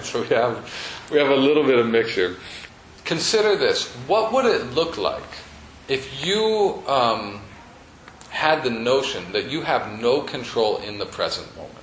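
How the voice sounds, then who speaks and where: A man's voice: mid-range voice, lively intonation, measured pace, fairly bright tone, slight background noise. A man teaching a meditation class in a studio, talking casually with plenty of fillers. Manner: casual, conversational, with many fillers. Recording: echoey room, faint ambience.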